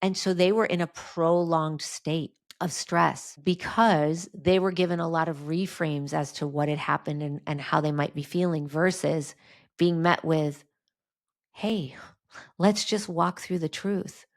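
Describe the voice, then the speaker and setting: A woman's voice: sits low, fairly even intonation, a little slow. Earnest woman telling a personal story. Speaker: podcast host. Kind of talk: faith-based talk on trauma healing.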